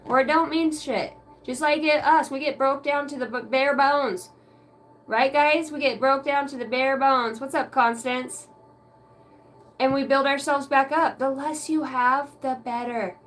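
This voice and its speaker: A woman's voice: sits high, steady tone, unhurried, a bit bright, distant mic, low-quality recording. A woman hosting a card-reading livestream, venting in a rambling, profane way and chatting with viewers by name. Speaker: oracle card reader and livestream host. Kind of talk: casual livestream rant.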